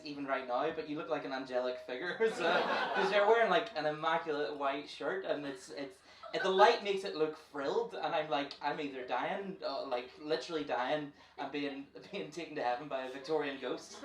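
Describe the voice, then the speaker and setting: A man's voice: a little high, moderate pace, recorded from a distance. A man with a Northern Irish accent doing a stand-up set on a club stage into a handheld mic, playful and self-mocking, riffing with the crowd. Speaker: stand-up comedian. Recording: echoey club, from afar, with crowd noise.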